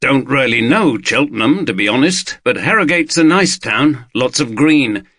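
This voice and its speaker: A man's voice: medium pitch, lively intonation, moderate pace, a bit bright, dry recording, voice pushed up. A man voicing a tired, laid-back young detective sergeant who talks plainly. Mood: easygoing.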